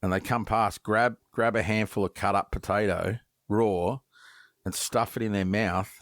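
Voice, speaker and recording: A man's voice: fairly low pitch, normal speed, dry recording, studio quality. An Australian man, a guest on a casual podcast interview, telling stories with plenty of swearing, false starts and repeated words. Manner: lively storyteller, swears freely, acts out quoted voices. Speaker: guest knifemaker.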